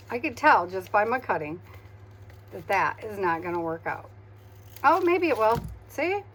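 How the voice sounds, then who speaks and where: A tired woman talks quietly and casually as she works on an art project, murmuring and humming along to herself. Her pitch sits in the middle range. A faint hiss of noise runs under the recording. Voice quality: hums and murmurs to herself while working. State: quiet, tired after migraine. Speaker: craft video host. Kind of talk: casual crafting chatter.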